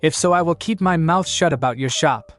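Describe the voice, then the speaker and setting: A man voicing a stubborn teen ninja boy, firm, lightly raised pitch, plain storybook reading, faint music underneath. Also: fairly quick, close to an everyday voice.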